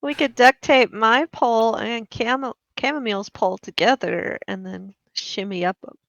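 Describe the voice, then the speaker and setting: A woman in a tabletop game, chatting in a relaxed and easygoing way. Her voice has a gravelly fry. It comes through a dull, lo-fi voice chat with a dry sound. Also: a little high, normal speed, no echo. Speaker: player.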